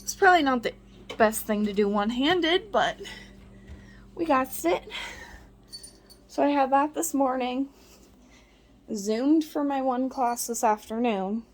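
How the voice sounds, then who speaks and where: A woman's voice: expressive, a little slow, pauses often. A young woman casually narrating a home vlog, chatty and playful as she puts groceries away. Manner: chatty, playful, talks to her cat in a squeaky baby voice. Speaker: vlogger. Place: home kitchen.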